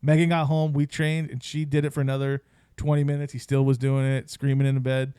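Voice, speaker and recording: A man's voice: mid-range voice, level tone, brisk, warm tone, clear, resonant tone, dry recording, clean studio sound. A young man co-hosting a podcast, telling a long story in rambling casual chat. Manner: rambling storyteller, acts out his toddler. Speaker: podcast co-host.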